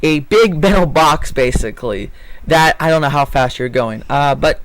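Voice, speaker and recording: A fairly high-voiced man goes off in an angry, swear-heavy rant. He talks in bursts, restarting and correcting himself mid-sentence. The tone is indignant and emphatic. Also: animated, normal speed, a bit bright, no room sound, low-quality recording. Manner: rambling with restarts and self-corrections. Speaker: vlogger. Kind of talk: reading a news story and ranting about it.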